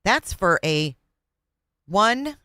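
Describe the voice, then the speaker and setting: Woman host reading chat live, unhurried, lively low voice, amused and playful, dry sound. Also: no echo. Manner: amused, playful, thanks viewers. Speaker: livestream host.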